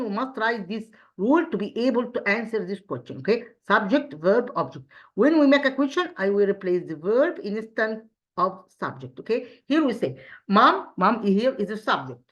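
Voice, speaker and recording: A woman teaching an English grammar review lesson, pausing often and repeating herself, asking rhetorical questions as she goes. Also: mid-range voice, highs cut off. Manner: hesitant, frequent fillers and restarts.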